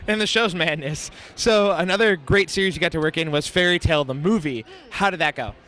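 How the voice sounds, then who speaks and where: A man's voice: fairly high pitch, brisk, bright, forceful tone. A man interviewing a guest at a convention, upbeat and eager, asking long questions. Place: busy convention floor.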